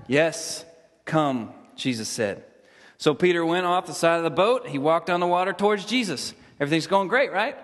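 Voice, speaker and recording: A fairly high-voiced man teaches a Bible lesson to a group in a church, animated and joking as he quizzes them. The long echo of the hall trails after his words. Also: brisk. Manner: animated, jokey, asks the group questions.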